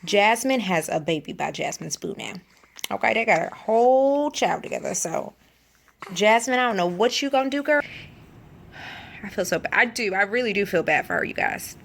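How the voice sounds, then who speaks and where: A young woman telling a chatty, animated storytime vlog and acting out the quotes. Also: mid-range voice, normal speed, gravelly. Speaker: vlogger. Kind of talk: casual storytime.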